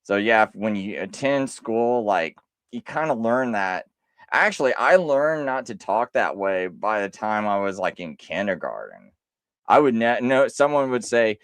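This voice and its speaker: A man's voice: medium pitch, animated, moderate pace, a bit bright, no echo, clean studio sound. A man hosting a livestream, rebutting a critic in a sarcastic, mocking tone with frequent laughs. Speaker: livestream host.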